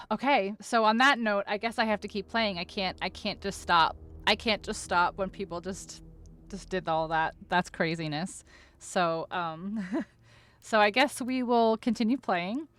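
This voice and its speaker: A woman's voice: mid-range voice, unhurried, a bit bright. Flustered woman streamer gushing thanks. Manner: flustered, gushing thanks to viewers, stumbling over words. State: overwhelmed, close to tears. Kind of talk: casual live-stream chat.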